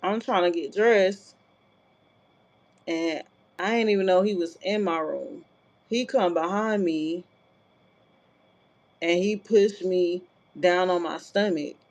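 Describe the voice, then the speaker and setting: A woman's voice: on the low side, takes it slowly, long pauses, a little mellow. A woman vlogger telling a personal story in a casual, blunt, profane way, with frequent filler asides. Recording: dull lo-fi sound.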